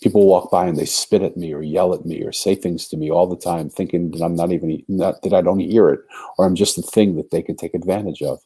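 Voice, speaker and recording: A man's voice: low voice, steady tone, a little fast, mellow, slightly rough. A man as a podcast guest, telling a long story in an earnest way and acting out the voices of the people in it. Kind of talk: storytelling in a conversation.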